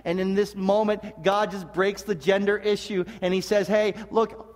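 A man preaching a sermon as pastor, earnest and animated, with humorous asides and frequent restarts. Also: high-pitched, normal speed, few pauses. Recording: long reverb of a large hall.

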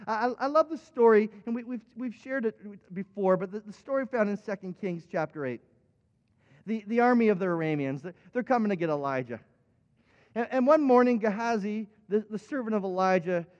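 A man's voice: high-pitched, a little mellow. A male pastor preaching a sermon with impassioned emphatic peaks. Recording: dull recording with long hall reverb.

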